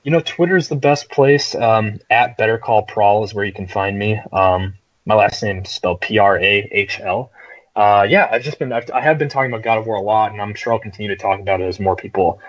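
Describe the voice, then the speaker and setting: Lo-fi, deep-voiced man chatting casually. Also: a little fast. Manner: relaxed, rambling with filler words. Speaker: guest game reviewer. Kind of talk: casual podcast chat. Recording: dull lo-fi audio.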